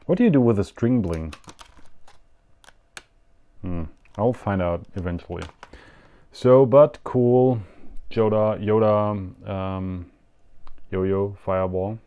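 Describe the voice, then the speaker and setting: A man's voice: low-pitched, slow, long pauses, mellow, clean tone, dull audio. A man with a German accent hosting a yo-yo show, rambling and self-mocking through a live unboxing. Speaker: yo-yo show host.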